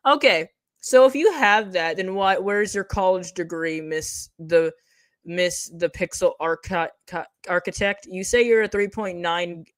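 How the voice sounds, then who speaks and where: A woman's voice: on the low side, no echo. A woman streamer giving a profane, mocking commentary, reading out posts and picking them apart. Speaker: streamer commenting on online drama. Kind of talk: ranting commentary.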